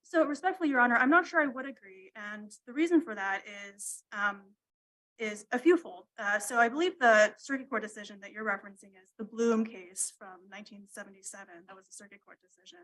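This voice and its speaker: A woman lawyer making a formal argument to appellate judges, measured and deferential, with frequent ums. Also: on the high side, fairly bright tone, rough recording. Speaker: attorney arguing appeal. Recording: courtroom livestream audio.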